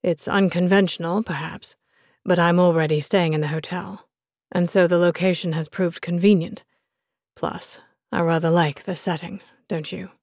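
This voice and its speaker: A woman voicing an arrogant British businessman in an audiobook, speaking low, quiet and pompous, with a stern edge. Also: steady tone, moderate pace, no echo, studio quality. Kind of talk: audiobook character voice.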